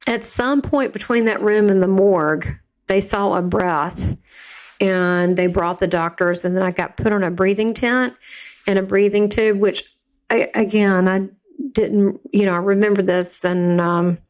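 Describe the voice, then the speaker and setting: A woman's voice: mid-range voice, fairly even intonation, a little slow. A woman with a Southern US accent, a podcast guest telling a personal story in a chatty, vivid way and acting out the voices she quotes.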